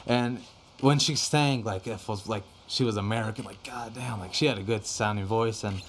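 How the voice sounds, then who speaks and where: A young man sits in as a podcast guest and tells studio stories in a loose, rambling chat, with plenty of filler words and casual swearing. His voice sits on the low side at a normal speed, over slight background noise.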